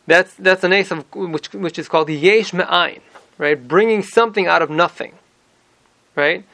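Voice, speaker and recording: A man teaching a Torah class, explaining lively with many rhetorical questions and Hebrew terms. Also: high voice, a little slow, gravelly, no room sound. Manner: animated explaining, frequent rhetorical "right?"; mixes in Hebrew terms and verse readings.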